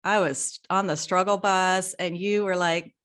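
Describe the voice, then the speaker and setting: A middle-aged woman hosting a podcast, talking in a casual, heartfelt way, emotional and quick to laugh. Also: on the low side, steady tone, smooth. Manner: warm, emotional, laughs often. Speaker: podcast host.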